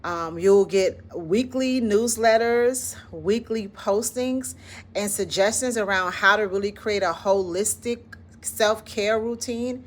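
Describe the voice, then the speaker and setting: A woman's voice: mid-range voice, takes it slowly. Encouraging Southern woman guiding breathing. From Southern United States. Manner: encouraging, conversational, drops in "listen" and "like". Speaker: founder of an educators' wellness club. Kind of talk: casual self-care talk with guided breathing.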